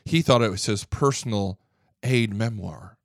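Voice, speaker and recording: A man's voice: fairly low pitch, unhurried, creaky, no echo, studio quality. A man hosting a political commentary show, ranting indignantly, swearing freely and stumbling over repeated words when worked up. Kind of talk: opinionated political monologue.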